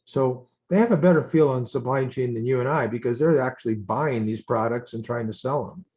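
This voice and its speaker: An older man co-hosting a casual market chat, giving measured, cautionary advice. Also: medium pitch, darkish tone. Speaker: co-host.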